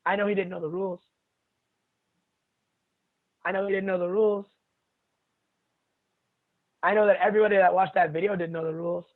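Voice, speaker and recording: A man with a fairly high voice tells stories casually, blunt and often profane, laughing as he goes. The audio is narrow and tinny, like it came through a phone line. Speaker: jiu-jitsu instructor, podcast guest. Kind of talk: casual storytelling chat.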